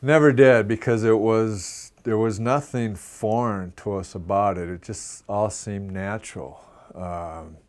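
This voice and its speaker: A man in his sixties from Minnesota with a very low, deep voice spins loose, self-mocking stories in an interview. He tells them casually and acts out bits of dialogue. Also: steady tone, unhurried, hardly any pauses. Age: 60s. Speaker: former hockey player and actor, guest. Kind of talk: casual anecdotal storytelling.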